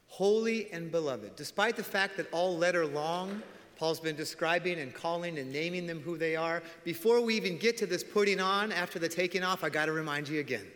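Male pastor, lively preaching style with soft emphatic drops, reverb of a large sanctuary. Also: fairly high pitch. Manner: animated storytelling, acts out voices, drops to soft emphasis. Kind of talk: sermon. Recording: long hall reverb.

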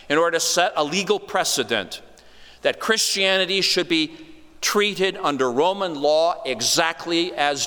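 A man's voice: fairly high pitch, pushed and bright. A man preaching an expository sermon in a conversational way, with wry asides. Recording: long reverb of a large hall.

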